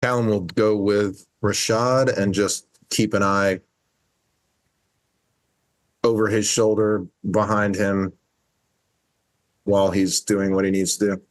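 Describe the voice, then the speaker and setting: A man's voice: fairly low pitch, level tone, slow, pauses often, dry recording. A man playing a tabletop role-playing game, describing what his character does. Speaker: player. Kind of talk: casual tabletop play.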